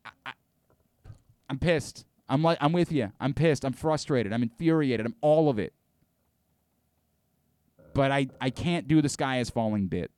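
A man's voice: mid-range voice, a little slow, pauses often, darkish tone, no echo. A man hosting a sports talk radio show, ranting with exasperation and frequent restarts.

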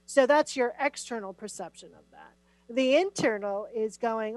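A middle-aged woman, a podcast guest and spiritual teacher, telling her story in an animated, emphatic way during a conversational interview. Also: fairly high pitch, moderate pace, dry recording, low-quality recording.

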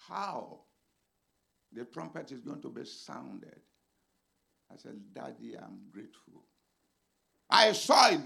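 A man preaches with fire, his fairly high voice leaping wildly up and down. The tone is bright and cutting, with a gravelly edge. He swings from shouts to near-whispers. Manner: dramatic, swings between shouting and hushed speech. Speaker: pastor. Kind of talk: sermon.

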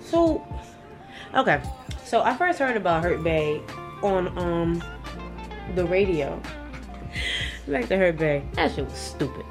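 A woman's voice: on the low side, expressive, slow, pauses often, music in the background. A young adult woman co-hosting a podcast in casual chat, brash and profane, laughing often and mocking people in silly voices. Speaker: podcast co-host.

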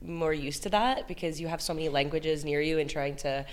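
Woman, American accent, lower pitch, lively, casual guest. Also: a little fast. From United States. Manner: lively, animated storyteller. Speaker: beatboxer and guest. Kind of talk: casual interview chat.

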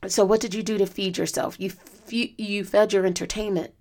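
A woman's voice: medium pitch, steady tone, moderate pace, a little mellow. Earnest, strained woman podcast host. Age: adult student. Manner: earnest, reflective, emotional, with many fillers. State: strained voice from lack of sleep. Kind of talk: casual solo podcast talk.

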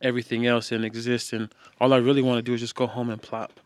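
A tired man co-hosting a podcast, talking in a relaxed, slangy, casual way. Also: mid-range voice, fast, clean tone, no room sound. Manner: relaxed, slangy, laid-back. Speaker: podcast co-host. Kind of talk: casual chat.

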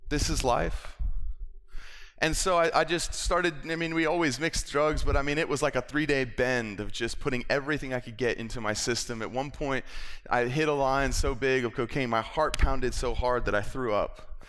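A man preaching a personal testimony sermon, moving between hushed storytelling and fervent peaks. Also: mid-range voice, steady tone, moderate pace, clean tone. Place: church sanctuary. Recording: long hall reverb in a church.

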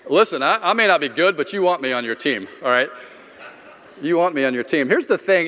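Middle-aged male pastor, casual storyteller with jokes at his own expense, slightly high voice, long reverb of a big room. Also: lively intonation, a little fast, fairly bright tone. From Florida. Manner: conversational storyteller, self-deprecating humor. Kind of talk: sermon with personal story.

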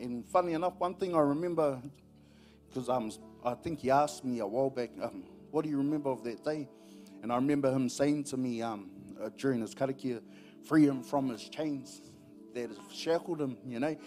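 A man's voice: medium pitch, a little mellow. A man with a New Zealand accent giving a casual personal testimony in a church service, telling a story with frequent laughs.

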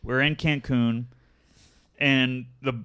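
A man's voice: medium pitch, takes it slowly, smooth. A man telling a story in a casual chat, acting out what people said in raised voices. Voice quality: animated storyteller, acts out quotes in raised voices.

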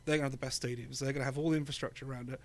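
A man's voice: mid-range voice, flat delivery, racing. A man from England with an English accent, co-hosting a podcast in casual chat, chatty with lots of ums and easy laughs. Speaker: podcast co-host.

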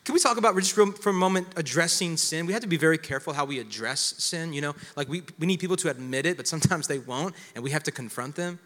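A man in his thirties, a pastor preaching a sermon, talking conversationally and building to loud exclamations. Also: a little high, fast, few pauses, big-room sound. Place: church sanctuary with long reverb.

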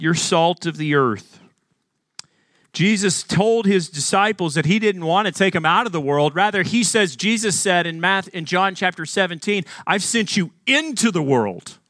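A man's voice: sits high, animated, measured pace, a bit bright, dry recording, studio quality. A man from Arkansas preaching a sermon as pastor, earnest and emphatic, asking the congregation questions.

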